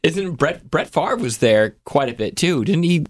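A man's voice: on the high side, animated, measured pace, slight background noise. A man co-hosting a casual podcast, chatting in an easygoing way. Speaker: podcast co-host. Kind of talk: casual chat.

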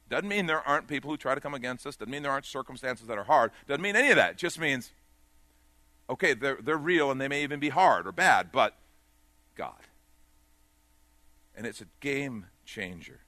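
A man preaching a sermon in a church service, rising to loud emphatic peaks and falling to quiet, pressing the congregation with direct questions. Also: mid-range voice, lively intonation, brisk, no room sound. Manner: swells loud then drops to a hush, direct questions to the congregation. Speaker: pastor.

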